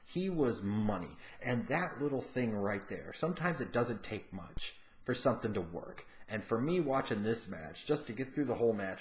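A man giving frank, casual commentary as a wrestling show reviewer, opinionated and cursing now and then. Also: medium pitch.

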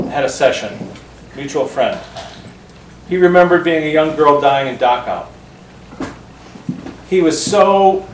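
A man, an author speaking to a book club, telling earnest stories with animated delivery and acting out the voices he quotes. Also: on the high side, a little hiss or hum. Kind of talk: storytelling talk to a small audience. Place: book club meeting room. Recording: roomy, distant mic.

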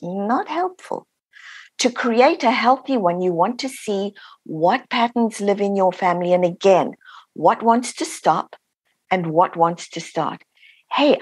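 Husky woman explaining animatedly. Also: medium pitch, no room sound. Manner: animated, acts out quoted voices. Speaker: author and guest. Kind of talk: interview answers, teaching.

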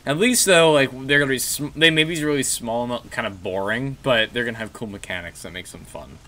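A man's voice: mid-range voice, a little fast, sharp tone, a little hiss or hum. A man casually chatting while streaming a game, rambling and answering chat. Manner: rambling, restarts, reads chat.

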